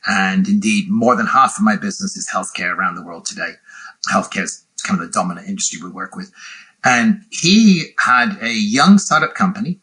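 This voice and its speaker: Older British man with a rounded-out accent; husky, bright and low-ish; measured podcast guest. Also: lively intonation. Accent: British, softened West Country and Midlands, some North American. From England. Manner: measured, self-deprecating, explanatory. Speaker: guest, sales consultant. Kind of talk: podcast interview.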